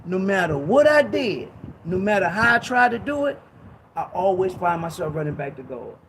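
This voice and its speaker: A man in impassioned, preachy talk on a ministry show, emphatic and repetitive, with casual slang, at times rising to shouts. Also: sits high, big pitch swings, normal speed, a little hiss or hum. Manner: conversational street slang.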